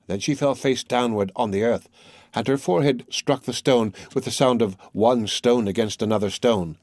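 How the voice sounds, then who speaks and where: A man's voice: mid-range voice, moderate pace, darkish tone, dry recording. Man reading an audiobook, dry and close. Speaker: audiobook reader. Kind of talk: scripted narration.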